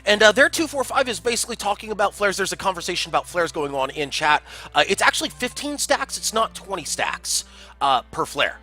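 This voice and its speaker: A man's voice: high voice, very animated, fairly quick, bright, forceful tone, faint music behind. A man casting a community game tournament on a livestream, chatty and jokey, reading out chat messages. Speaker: tournament caster.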